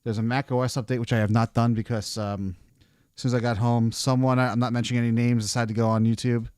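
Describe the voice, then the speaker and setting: A man's voice: mid-range voice, level tone, fast talker, a little mellow, smooth, no echo, clean studio sound. A man co-hosting, bantering casually and teasing the host. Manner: teasing, joking.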